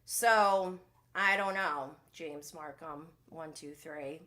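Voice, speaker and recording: A woman hosting a casual live recap show, chatting in an animated, gossipy way and reading viewer comments aloud. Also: low-pitched, slow pace. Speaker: podcast host.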